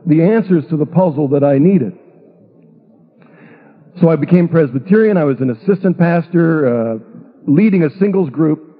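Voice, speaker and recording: A man's voice: on the high side, breathy edge. A middle-aged man, a pastor, telling a humorous, self-mocking story from his life. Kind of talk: storytelling testimony talk. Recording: tinny phone-like radio broadcast.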